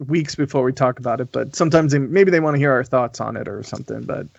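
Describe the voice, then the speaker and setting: An American man hosting a podcast in casual chat, chatty and quick to laugh, with many restarts. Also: mid-range voice, gravelly, no room sound, muffled recording. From United States. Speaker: podcast host.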